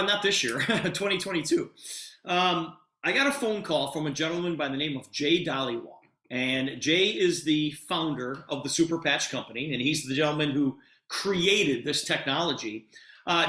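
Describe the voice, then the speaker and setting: In an echoey room, a middle-aged man delivers a sales pitch built around a story, his pitch swinging up and down with animation. Bright and forceful throughout, he plays both sides of each conversation.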